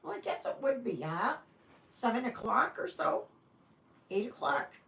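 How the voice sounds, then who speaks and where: Her voice runs a little high and a bit bright, creaky, with big swings in pitch. The woman, from Canada, hosts a casual stitching livestream, unhurriedly rambling with fillers and reading viewer comments aloud to greet people.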